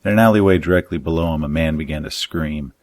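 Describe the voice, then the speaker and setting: A man reading his own dark fantasy story aloud in a measured, even audiobook narration. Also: rumbling low, no room sound.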